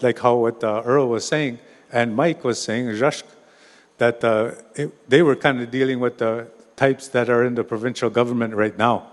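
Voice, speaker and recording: A man telling a traditional story to a live gathering, speaking loosely with many restarts and a few drawn-out soft asides. His voice sits at a middling pitch, and a long hall reverb trails behind it. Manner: informal, restarts words, says "eh". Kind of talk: oral storytelling talk.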